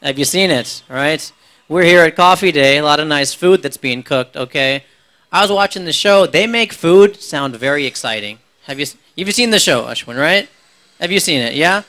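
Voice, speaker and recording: A man doing live stand-up in a cafe on a handheld microphone, chatty and quick, ribbing the audience with tag questions. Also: on the high side, expressive, sharp tone. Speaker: stand-up comedian. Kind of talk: live stand-up with crowd work.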